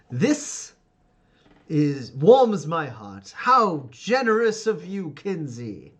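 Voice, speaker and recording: A man's voice: on the high side, sing-song, drawn-out words, pauses often, a bit bright, pitched above the performer's own voice, full character voice. A man voicing a domineering, smug older clan father who gives orders in a raised, commanding voice.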